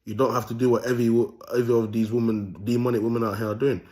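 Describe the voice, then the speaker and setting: A man's voice: mid-range voice, little pitch movement, very fast, mellow. A young man with a London accent hosting his own video, ranting in comic commentary, swearing freely and laughing at his own jokes. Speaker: host.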